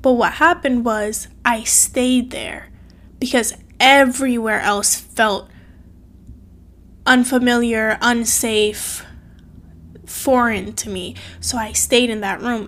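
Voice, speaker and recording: A woman's voice: on the high side, steady tone, takes it slowly, fairly bright tone. A woman talking to her camera, telling a personal story in an earnest, emotional way, full of "like" fillers and repeated phrases, close to tears at times. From outside the US. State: tearful at times. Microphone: phone or camera.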